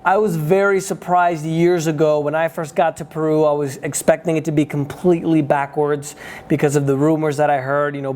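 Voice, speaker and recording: A man's voice: a little high, darkish tone. A man whose first language is Spanish, talking casually to the camera as a travel vlogger, chatty and opinionated, thinking aloud as he goes.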